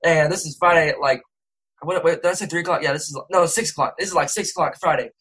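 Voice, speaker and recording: Fast-talking young man telling a story. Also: a little high, a bit bright, breathy edge, rough recording. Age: young adult. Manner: rambling, self-correcting, slangy. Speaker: interview guest, rapper. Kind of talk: casual storytelling.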